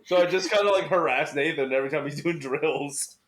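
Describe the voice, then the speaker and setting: A man's voice: fairly high pitch, a little fast, fairly bright tone, a little hiss or hum. A man in casual podcast chat, rambling and teasing his friends. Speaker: podcast guest.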